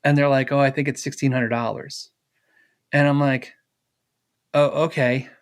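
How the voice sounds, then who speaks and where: A man's voice: medium pitch, flat delivery, moderate pace, smooth. A middle-aged man, a guest on an interview, telling a personal story casually, acting out the dialogue with fillers and laughs.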